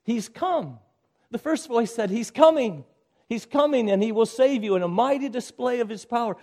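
A man preaching from the pulpit, his voice sitting high for a man. He pleads and urges, climbing to loud calls and then sinking to near-hushed phrases. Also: expressive, moderate pace, creaky. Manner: urgent preaching, swinging from loud exhortation to hushed lines. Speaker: pastor. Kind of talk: sermon.

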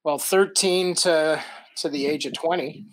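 An older man from the American Midwest, a podcast guest telling stories in a casual, animated way, laughing as he acts out quotes. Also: on the high side, measured pace, no room sound. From Midwestern United States. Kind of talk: casual storytelling.

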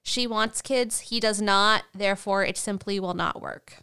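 A chatty woman co-hosting a recap podcast, with a bright, clear and smooth voice. She talks casually, laughs often and slips into the characters' lines as she retells scenes. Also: medium pitch, steady tone, unhurried. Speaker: podcast co-host.

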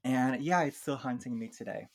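A man speaking English as a second language, talking reflectively and softly with many fillers in a casual chat. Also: medium pitch, moderate pace, vocal fry. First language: not English. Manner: reflective, soft-spoken, with frequent fillers. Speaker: podcast guest. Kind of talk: casual chat about emotional healing.

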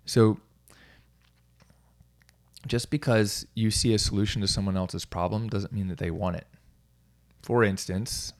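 A middle-aged man, a coach, talking casually on his own, rambling with restarts and small self-amused laughs. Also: lowish voice. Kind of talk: casual solo talk.

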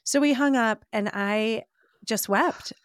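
A woman's voice: on the high side, takes it slowly, no echo. A woman as a podcast guest, telling a personal faith testimony in an earnest, heartfelt way, often saying "like". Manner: earnest, heartfelt storytelling with frequent "like".

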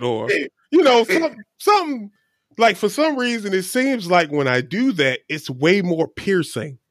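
A man's voice: sits high, sing-song, a little slow, no echo. A man co-hosting a casual chat, talking in a frank, rambling way and swearing casually. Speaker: podcast co-host.

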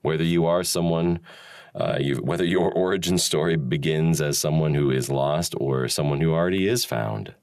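A man's voice: very deep voice, normal speed, vocal fry, darkish tone, no room sound, clean studio sound. A man hosting a solo talk, rambling and musing with frequent chuckles and restarts. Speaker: podcast host. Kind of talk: solo reflective monologue.

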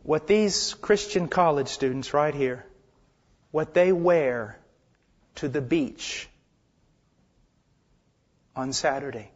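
Male preacher with a high voice, impassioned sermon delivery that swings between loud emphasis and hushed tones, dull lo-fi recording. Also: takes it slowly, long pauses, husky.

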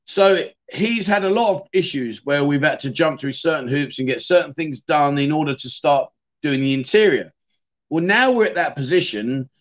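A man's voice: fairly high pitch, lively intonation, normal speed. Chatty rambling man. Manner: chatty, rambling, repeats words and restarts often. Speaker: livestream host. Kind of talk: casual livestream chat reading viewer comments.

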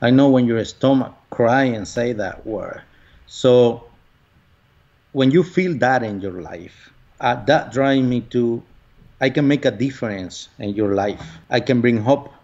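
An earnest man talks through an interview in a halting way, often pausing on fillers. His voice sits in a middle range. The recording sounds dull and lo-fi. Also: medium pitch, darkish tone. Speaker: lottery winner guest. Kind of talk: conversational interview.

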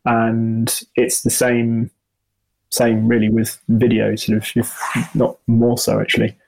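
Man, gravelly, middle pitch, rambling, self-deprecating interview answers. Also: completely flat delivery, slow pace, a little mellow, poor audio. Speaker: motoring journalist and video presenter.

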